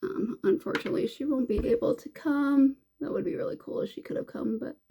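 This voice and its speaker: Woman vlogger, casual makeup chat, gravelly fry, rambling delivery. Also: sits high, brisk, dark tone. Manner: rambling, chatty, many fillers and restarts. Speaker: beauty vlogger.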